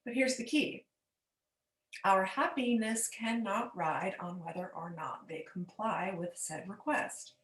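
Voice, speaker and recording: A woman's voice: mid-range voice, unhurried, a bit bright. A woman coach teaching patiently with everyday examples, checking in with the listener as she explains. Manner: checks in with "okay?". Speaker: forgiveness coach. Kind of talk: teaching monologue. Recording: roomy echo.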